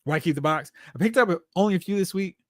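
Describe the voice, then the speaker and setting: A chatty, excitable man hosts a live stream and reads viewer comments aloud. His voice sits fairly high. The sound is dry and close, with no room around it. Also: quick pace, no room sound. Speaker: host of a toy collecting show. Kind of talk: casual live-stream chat reading comments.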